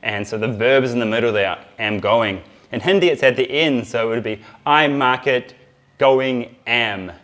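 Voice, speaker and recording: A man giving an upbeat YouTube lesson on learning a language, in an energetic, emphatic teaching manner. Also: mid-range voice, brisk, hardly any pauses.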